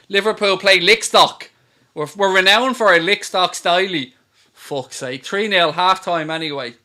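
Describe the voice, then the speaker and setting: A man's voice: sits high, measured pace, sharp tone. A man hosting a live football watchalong stream, ranting and swearing at trolls with sarcasm.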